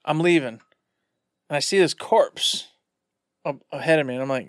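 A man co-hosting a podcast, retelling a game session in a rambling, animated way. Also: a little high, quick pace, clean tone, dry recording, clean studio sound. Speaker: podcast co-host. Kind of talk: casual storytelling.

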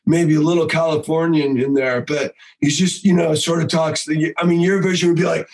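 Animated high-voiced man talking shop. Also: low-quality recording. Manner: animated, swears freely, slips into quick voices. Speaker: voice actor and improv teacher. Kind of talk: casual podcast interview.

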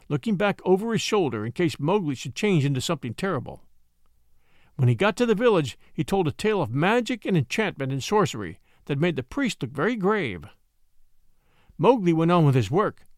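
Rich: An expressive male storyteller reading a classic tale aloud, his pitch lively and sitting a little high for a man. The recording is close and dry. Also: no echo. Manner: expressive, acts out the voices. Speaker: narrator. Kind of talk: storybook narration.

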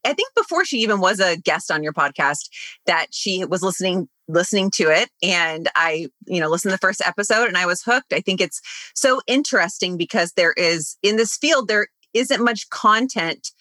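A woman's voice: on the low side, lively intonation, moderate pace, bright, forceful tone, no echo. A woman co-hosting a podcast, talking earnestly and enthusiastically about her field. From United States. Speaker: podcast co-host, aesthetics professional. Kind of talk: casual podcast chat.

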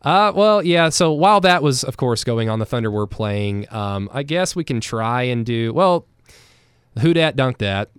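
A man's voice: medium pitch, very animated, unhurried, fairly bright tone, clear, resonant tone, no room sound. A man co-hosting a post-game sports podcast in casual, joking chat, recapping plays with fillers and restarts. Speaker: podcast co-host.

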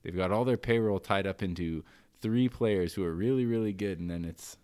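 Low-voiced American man hosting a podcast. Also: normal speed, smooth. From United States. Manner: upbeat scripted intro, then relaxed joking banter. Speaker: podcast host. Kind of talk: casual podcast chat.

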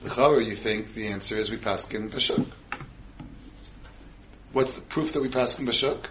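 A man's voice: mid-range voice, moderate pace, muffled recording, noisy background. Man giving a Torah class, full of questions. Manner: quizzes the audience with frequent questions. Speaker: rabbi teaching a class.

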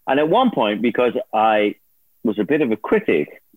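A man's voice: on the low side, big pitch swings, normal speed, no echo. A man telling a story as a guest in a casual interview, laughing often and acting out other people's voices. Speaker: guest, former producer turned on-air host. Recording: dry tinny phone-like line.

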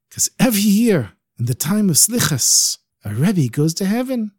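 A man narrating a religious story in an animated, expressive way. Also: sits high, normal speed, slightly rough, dry recording, studio quality.

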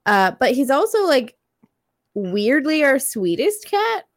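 Chatty, laughing woman with a raised pitch. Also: sing-song, takes it slowly, no echo, studio quality. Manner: chatty, laughs often, swears casually. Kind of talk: casual chat.

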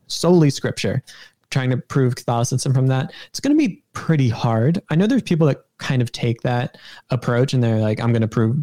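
A man's voice: medium pitch, mellow. A man who is a podcast guest, laying out his reasoning carefully in a casual conversation. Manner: thoughtful, reasoned explanations with "kind of" hedges.

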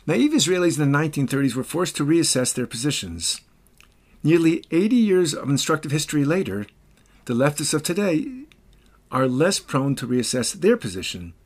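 Male podcast host, slightly high voice, dramatic and emphatic storyteller. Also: very animated, normal speed. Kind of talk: scripted commentary and storytelling.

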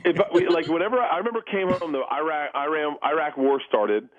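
A man in his forties, a comedian guest who laughs through his stories and puts on the voices of the people he quotes. His voice sits a bit high for a man. The line sounds dry and slightly dull, like a lo-fi remote hookup. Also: fast, dry recording. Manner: animated storyteller who laughs often and acts out quoted voices. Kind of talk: casual interview chat.

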